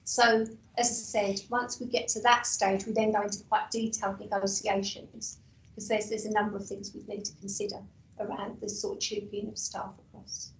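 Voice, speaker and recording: A woman council officer with a hoarse, failing voice, explaining at a committee meeting. She talks hesitantly, repeating words and using many fillers. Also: mid-range voice, little pitch movement, normal speed, reverberant, distant mic, poor audio. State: losing her voice, coughing.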